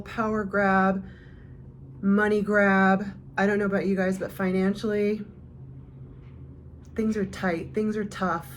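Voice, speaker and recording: A woman vlogger talks slowly and unhurriedly, as if chatting with close friends. Her voice sits at an ordinary middle pitch, and she is heartfelt and a little rambling. Faint background noise runs under her voice. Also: a little mellow. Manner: slow, heartfelt, rambling, speaks straight to viewers. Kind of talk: casual reflective talk to camera.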